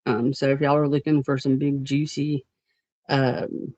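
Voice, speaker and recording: A woman's voice: rumbling low, level tone, a little slow, a little mellow, dry recording. Blunt, profane woman ranting. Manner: blunt, profane and rambling, with many fillers. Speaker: livestream host. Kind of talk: livestream rant. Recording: dull lo-fi stream audio.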